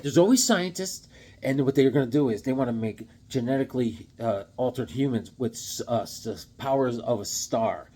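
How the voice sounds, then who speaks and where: A man's voice: mid-range voice, slightly rough. A man casually recapping a comic series, rambling and chatty, often checking in with the listener.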